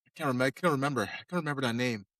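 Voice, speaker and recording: Quick-talking male podcast host. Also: mid-range voice, a crowd in the background. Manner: short agreeing interjections. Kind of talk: casual interview.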